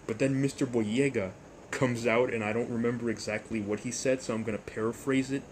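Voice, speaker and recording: A man's voice: medium pitch, brisk, slight background noise. Jokey young man telling a rambling story. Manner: jokey, rambling, deadpan asides. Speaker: YouTuber storyteller. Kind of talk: storytime vlog.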